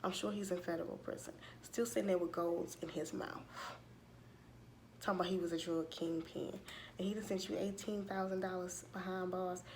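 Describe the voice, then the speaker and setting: A woman, giving a sassy, animated recap of a reality show in casual commentary. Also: fairly low pitch, moderate pace, slight background noise. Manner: sassy, animated retelling with acted-out quotes.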